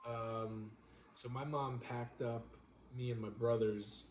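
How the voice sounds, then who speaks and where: A man's voice: mid-range voice, steady tone, takes it slowly, a little mellow. A man from New York chats loosely on a home livestream, trading jokes and rambling asides with his viewers. His mid-range voice rings in an echoey room with a faint hiss behind it. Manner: joking, rambling banter with viewers. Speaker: livestream co-host. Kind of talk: casual livestream chat.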